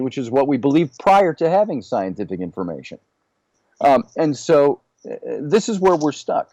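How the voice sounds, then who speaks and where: A man appears as a guest on a podcast, musing casually through one big question after another in a relaxed, conversational discussion. His mid-range voice is warm and mellow, recorded dry and close with no room echo.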